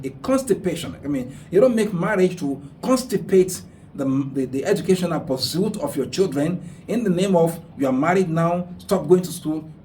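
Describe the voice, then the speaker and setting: A man's voice: fairly high pitch, warm tone, far from the mic, slight background noise. A man hosting a radio talk show and giving earnest religious advice, repeating his points for emphasis. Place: radio studio.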